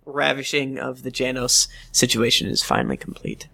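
Bright-voiced joking man. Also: medium pitch, very animated, gravelly. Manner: joking, acts out characters in quick voices. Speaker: podcast co-host. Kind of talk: casual book discussion chat.

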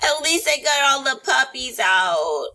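A woman's voice: big pitch swings, unhurried, creaky, bright, forceful tone, heavily acted. A woman voicing a vain, dramatic, spoiled rich teenage girl who wails and gushes theatrically. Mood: frantic. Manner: shrill, theatrical wailing and gushing.

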